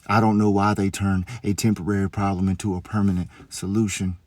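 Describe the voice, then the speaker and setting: A man with a fairly low voice tells a story as a police officer. His delivery is sincere and encouraging. The sound is close and dry. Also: flat delivery, a little fast, darkish tone, no echo. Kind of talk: heartfelt storytelling monologue.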